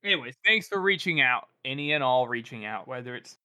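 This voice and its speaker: A man's voice: medium pitch, expressive, fairly quick, bright, forceful tone. A man co-hosting a casual book-discussion podcast who jokes around with playful, mock-formal phrasing. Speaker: podcast co-host.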